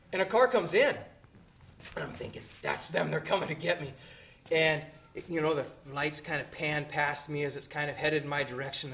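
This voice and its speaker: A man in his fifties from Montana tells a personal story on stage, animated and swinging from bursts of energy to hushed low asides.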